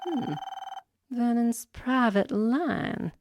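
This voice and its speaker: A woman playing a slow, suspicious wife. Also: on the high side, expressive, noisy background, exaggerated voice. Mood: wary. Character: suspicious wife snooping on her husband.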